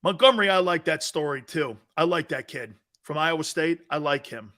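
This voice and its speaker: A man hosting a sports talk show, brash and loud, laughing a lot, swearing and answering chat comments. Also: a little high, animated, moderate pace. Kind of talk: casual sports radio chat.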